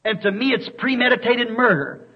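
A man's voice: very high voice, normal speed. Fiery preacher man on an old tape. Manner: impassioned, rising to shouts, storytelling asides. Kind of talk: fiery revival sermon. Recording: dull lo-fi old sermon tape.

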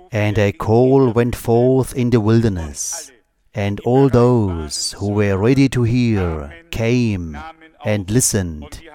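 A man delivers a sermon at a deliberate, unhurried pace, leaving space between short phrases. His voice sits on the lower side, with a steady preaching cadence into a pulpit microphone.

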